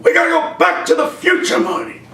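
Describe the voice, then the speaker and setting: A man impersonating a frantic, eccentric old scientist in a high, shouting voice. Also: fairly even intonation, fairly quick, gravelly, distant mic, a little hiss or hum, heavily acted. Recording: roomy echo, off-mic.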